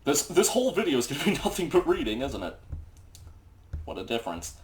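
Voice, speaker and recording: A man's voice: mid-range voice, very animated, fast talker. A man commentating a video game, reading in-game texts aloud with sarcastic asides. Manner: sarcastic, wry. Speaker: let's play commentator.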